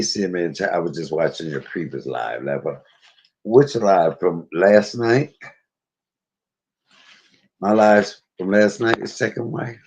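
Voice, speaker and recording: Gravelly man crying on a livestream. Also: sits low. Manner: emotional, tearful, laughing through tears. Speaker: movie review livestream host. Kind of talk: casual livestream chat.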